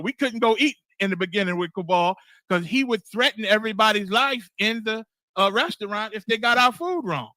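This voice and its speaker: A man leads a streamed scripture class in a high, intensely bright voice. His delivery is blunt and emphatic, laced with profanity, and he circles back over phrases to drive them home. The sound is close and completely dry. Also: brisk, no echo. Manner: emphatic, blunt, swears freely, keeps asking "you understand?"; repeats and restarts phrases for emphasis. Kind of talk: streamed scripture teaching, sermon-like.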